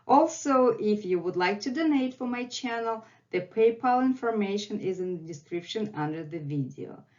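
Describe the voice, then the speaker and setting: A woman's voice: medium pitch, expressive, moderate pace, darkish tone, lo-fi sound. A woman with a Russian accent, a native Russian speaker, teaching a language lesson and patiently repeating sounds and words for learners. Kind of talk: slow, deliberate language lesson.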